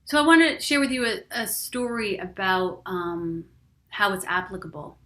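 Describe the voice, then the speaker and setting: A woman at a middle pitch leads a spiritual course as a casual talk. She moves through personal stories in a chatty, expressive way. She laughs often and keeps speaking straight to the listener. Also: moderate pace. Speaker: spiritual teacher leading a course.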